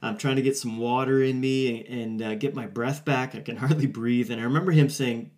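A mellow, medium-pitched male voice moves at a moderate pace with few pauses. He's a podcast host in his forties, sharing a personal story alone on his casual show, earnest and conversational, often using fillers and restarting his thoughts.

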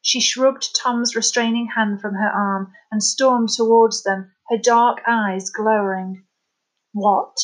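A woman narrating a novel as an audiobook in a steady, dramatic storytelling manner. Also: on the high side, measured pace, poor audio.

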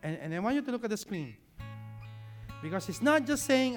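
A man preaching a sermon with slides, dropping his voice low for emphasis and leading the congregation to repeat words after him. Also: big pitch swings, brisk, soft background music. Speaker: pastor.

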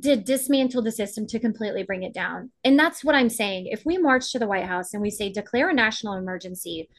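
A woman's voice: fairly high pitch, lively intonation, brisk. A woman advocate speaking as a guest on a podcast, talking with passion and emphasis, often acting out what others said. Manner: impassioned, emphatic, acts out quotes. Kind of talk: podcast interview.

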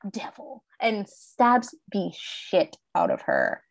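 A woman co-hosting a casual podcast, telling stories with lively, foul-mouthed energy. Her pitch sits in an ordinary middle range, and the recording is dry and close to the mic. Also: normal speed, dry recording. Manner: animated, profane storyteller. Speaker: podcast co-host. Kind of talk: casual chat, storytelling.

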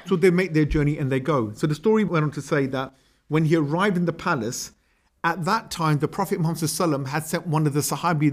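Guy teaching history like a story, chatty, kinda high voice. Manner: lively, conversational, acts out quotes. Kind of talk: storytelling lecture.

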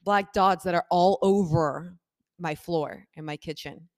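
A woman with a slightly low voice tells a story in casual chat. She is animated and acts out other people's voices, peppering her talk with "like." The sound is dry and close, with no room echo. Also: measured pace. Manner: animated, acts out quoted voices with big shifts in pitch and loudness; talks with many fillers like "like" and "I'm like". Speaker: guest telling a personal story.

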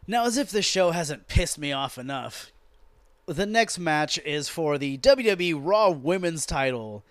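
A man's voice: fairly high pitch, clear, resonant tone, no room sound. A man hosting a podcast, recapping a wrestling show as a profane, exasperated rant told like a story. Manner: exasperated, sweary, animated storytelling. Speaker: podcast host.

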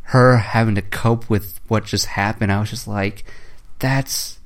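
A man's voice: fairly low pitch, fairly even intonation, normal speed. A young man chatting casually, telling a story with lots of swearing and animation. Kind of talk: casual chat.

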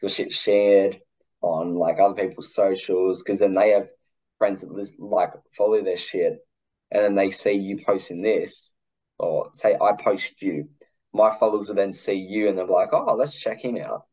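A man's voice: low voice, flat delivery, moderate pace, mellow, poor audio. A young Australian man hosting a podcast, chatting casually in a laid-back, slangy way with lots of "like". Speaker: podcast host. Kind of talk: casual chat.

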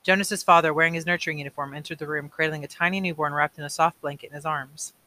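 Male audiobook reader, bright slightly high voice, plain and unpolished. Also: fairly even intonation, quick pace. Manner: plain reading with small slips and self-corrections. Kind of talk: reading a novel aloud.

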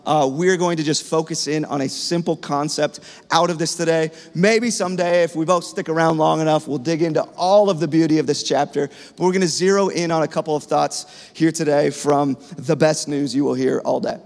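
A man's voice: fairly high pitch, fairly even intonation, a little fast, vocal fry, few pauses, darkish tone. A man in his thirties preaching a sermon to his congregation in a conversational, storytelling way. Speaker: pastor. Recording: long reverb of a large hall.

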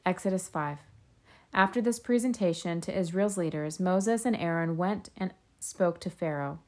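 A woman reading scripture aloud in a steady, measured way. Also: lowish voice. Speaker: scripture reader.

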